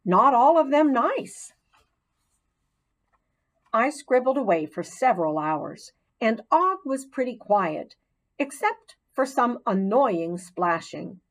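A woman narrating a children's storybook in an expressive, gently dramatic way. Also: on the high side, takes it slowly, rough recording. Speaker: audiobook narrator.

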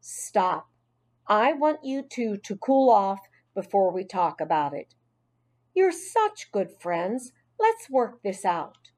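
A woman voicing a firm but patient female teacher calming two girls, in a storybook reading. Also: medium pitch, slow. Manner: firm and soothing.

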